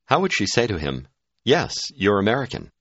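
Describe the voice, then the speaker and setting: A man giving scripted narration for a language course, prompting the listener in a clear, measured way. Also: lowish voice, huge pitch swings, fairly bright tone, dry recording. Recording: dull, dry studio audio.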